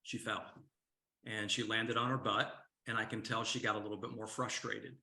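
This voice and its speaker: Man coaching with a bright voice. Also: lowish voice, level tone, normal speed, vocal fry, echoey room. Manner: storytelling, asks the audience questions. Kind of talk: motivational talk to a men's group.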